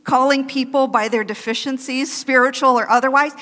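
A woman delivers a sermon in a loud, animated way, breaking into laughing asides. Her voice sits fairly high. It rings through a church with a long hall reverb. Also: a little fast. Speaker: guest preacher. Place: church sanctuary.

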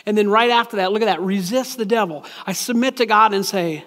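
A male pastor with a notably high voice delivers a casual, conversational sermon. He stumbles and repeats words and laughs at his own jokes. His voice rings out with the long reverb of a big hall. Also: animated, fairly quick, hardly any pauses, fairly bright tone.

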